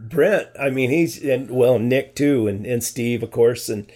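Halting man chatting as podcast guest. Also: mid-range voice. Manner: halting, repeats words, trails off softly. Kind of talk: casual podcast chat.

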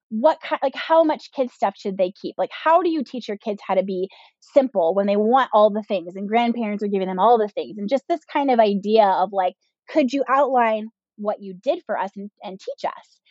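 Her voice slightly high and somewhat mellow, a thirtysomething business owner opens up about her life as a podcast guest, often saying "like" and "um." The recording is dry, yet dull and mildly lo-fi.

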